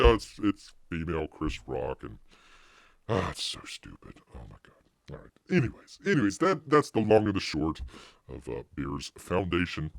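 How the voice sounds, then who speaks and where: A man's voice: sits low, sing-song, normal speed, vocal fry, no room sound, studio quality. A man hosting a live stream, chatting casually in a rambling way, with frequent restarts and laughter. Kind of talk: casual review chat.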